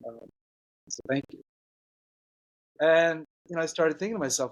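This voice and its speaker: A man telling an earnest personal story as a guest, halting, with many restarts and fillers. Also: medium pitch, no room sound, poor audio.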